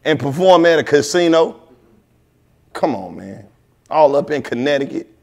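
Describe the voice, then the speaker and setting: Brash, profane comedian host. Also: male voice, on the high side, expressive, vocal fry, darkish tone. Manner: brash storytelling, heavy cursing, drawn-out emphasis. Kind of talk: casual profane banter. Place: living room set.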